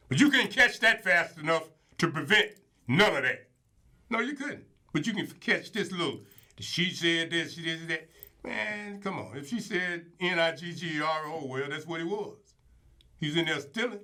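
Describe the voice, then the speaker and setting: A man's voice: on the high side, lively intonation, normal speed, pushed and bright. A man giving opinionated casual commentary as show host, emphatic and colloquial, repeating words for stress.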